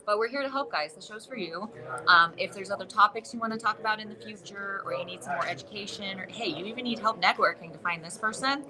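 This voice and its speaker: A woman's voice: mid-range voice, fast talker, crowd noise. A woman hosting a casual live stream from a trade expo, chatty and bubbly with lots of fillers. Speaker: host.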